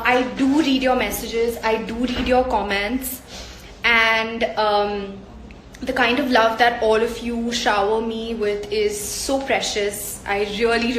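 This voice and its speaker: A woman's voice: a little high, fairly bright tone, a little hiss or hum. A young woman with an Indian accent chatting casually on a live stream, bubbly and laughing often as she reads fan comments aloud. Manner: bubbly and chatty, laughs easily, sends hugs and kisses. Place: indoor room away from home, on a work day. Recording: echoey room on a phone stream.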